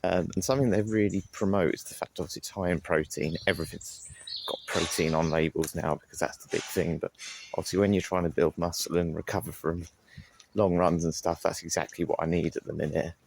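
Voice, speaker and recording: A man's voice: deep voice, little pitch movement, fairly quick, vocal fry, background noise. A young man chatting casually to his phone while out running by the sea, with lots of fillers and a self-deprecating manner. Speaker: vlogger. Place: outdoors by the sea. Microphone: handheld phone.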